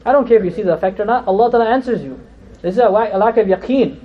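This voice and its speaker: Male Islamic teacher, quick and chatty storyteller, higher voice, muffled lo-fi recording. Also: a little hiss or hum. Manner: lively, conversational storyteller who slips in Arabic terms. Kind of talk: storytelling religious lecture.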